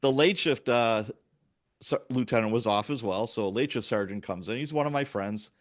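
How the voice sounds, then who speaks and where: Man telling animated police stories. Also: mid-range voice, moderate pace. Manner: animated, acts out dialogue. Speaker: police officer. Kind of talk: casual storytelling.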